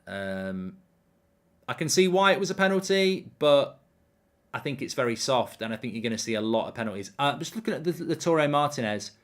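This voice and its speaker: A man's voice: medium pitch, lively intonation, fairly quick, fairly bright tone. Brief: male host chatting through a live match watchalong, loose and rambling. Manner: chatty, rambling, lots of ums. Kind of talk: live football watchalong commentary.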